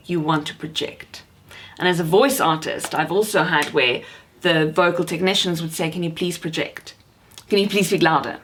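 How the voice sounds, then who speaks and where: A voice coach and actor, a woman, teaching how to project the voice, speaking emphatically and encouragingly. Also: fairly low pitch. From South Africa. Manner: emphatic, encouraging, demonstrates shouting. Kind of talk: vocal coaching lesson to camera.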